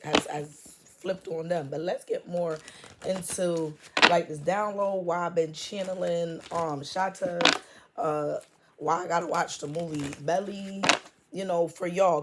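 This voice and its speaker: Low-voiced woman tarot reader, slangy and loose. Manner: loose, slangy and profane, drawn-out fillers. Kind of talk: casual spiritual tarot talk.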